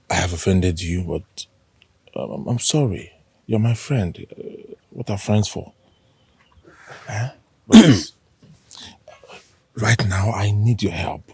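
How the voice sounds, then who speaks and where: A Nigerian-accented actor playing a proud shop owner who shouts in anger and stammers when scared, in a film drama. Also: male voice, low voice, slightly rough, no room sound, full character voice.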